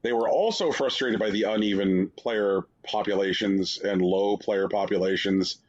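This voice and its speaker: A podcast co-host with a lowish voice speaks at an ordinary pace, telling long, rambling, sarcastic stories with lots of filler words. The conversation is a casual review of games, and the sound quality is dull and lo-fi.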